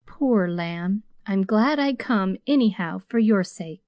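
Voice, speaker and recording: A woman's voice: medium pitch, lively intonation, slow, a little mellow, dry recording. Woman doing a fussing, homely former maid. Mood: soothing. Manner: entreating, soothing, homely speech.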